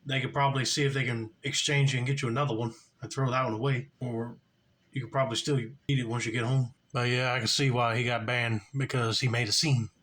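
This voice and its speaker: A man's voice: medium pitch, level tone, a little fast, fairly bright tone, poor audio. A man reacting to a video clip with mild, disbelieving commentary.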